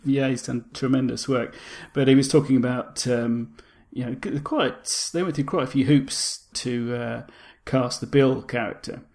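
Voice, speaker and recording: A man co-hosts a fan podcast in easygoing casual chat. His speech is relaxed and conversational. His voice sits at a middle pitch. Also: a little slow, few pauses. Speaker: podcast co-host.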